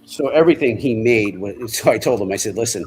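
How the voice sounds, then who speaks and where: A middle-aged man, telling stories in a halting, rambling way in casual chat. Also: on the low side, animated, a little mellow, a little hiss or hum, rough recording. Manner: rambling, halting storyteller with many restarts. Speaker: livestream co-host.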